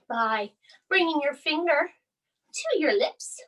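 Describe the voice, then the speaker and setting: A woman guides children through a bedtime yoga session in a soft, soothing, sing-song voice. She speaks high and unhurried, drawing out each phrase as she reads a picture book between poses. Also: animated. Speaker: yoga instructor. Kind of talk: children's bedtime yoga class with storybook reading.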